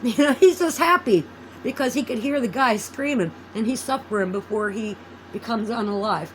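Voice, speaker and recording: A woman's voice: a little high, normal speed, slight background noise, rough recording. A woman vlogging in a casual, rambling chat. She swears freely and loses her train of thought.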